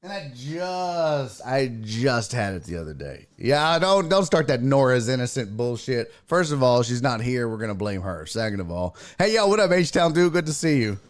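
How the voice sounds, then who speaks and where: Speaking in a mid-range, sing-song voice at moderate pace with hardly any pauses, a man hosts a live stream podcast. He greets viewers by name, reads out the live chat, and keeps the talk casual and profane.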